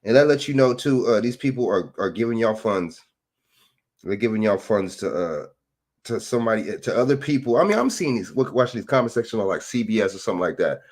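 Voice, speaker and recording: A man's voice: lowish voice, sing-song, a little fast, a little mellow. Profane rambling man on a phone. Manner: repetitive, rambling, profane, rhetorical questions. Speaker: commentator. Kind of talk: casual political rant.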